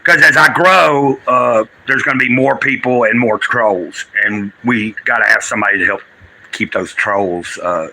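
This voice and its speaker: A man's voice: medium pitch, moderate pace, creaky, pushed and bright, a little hiss or hum, rough recording. A man chatting live to his stream viewers, teary and rambling, drifting between spiritual musings and talk with his chat. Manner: rambling, earnest, preachy in spells, addresses chat.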